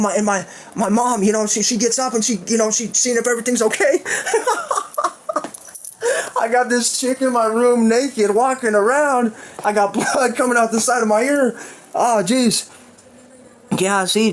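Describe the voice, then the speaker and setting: A man's voice: sits high, steady tone, a little fast. A man telling a crude, rambling story in casual livestream chat, full of fillers.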